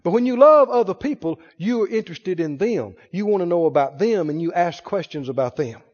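Male preacher, fervent sermon delivery with congregation responses; wide-ranging high voice, dull lo-fi hall recording. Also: lively intonation, brisk, darkish tone.

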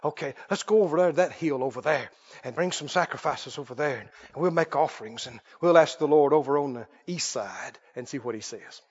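A man voicing a greedy, short-tempered male prophet who snaps angrily at times and mutters hurried schemes at others. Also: a little high, husky, lo-fi sound, voice pushed down. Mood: muttering.

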